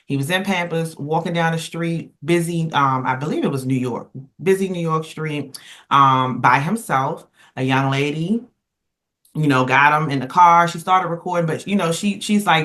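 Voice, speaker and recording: A woman speaking on a casual podcast roundtable, emphatic and animated, circling back and restarting as she tells stories. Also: low voice, normal speed. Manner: emphatic, animated storyteller who rambles and restarts. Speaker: roundtable panelist.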